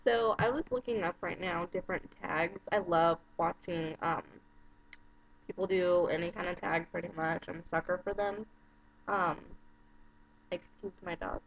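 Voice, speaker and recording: A woman's voice: lowish voice, creaky. A young woman from Arizona with an Arizona American accent, chatting casually in a home vlog and reading out a word list. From Arizona, USA. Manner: chatty, unhurried, with many ums. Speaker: vlogger. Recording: dull lo-fi home webcam audio.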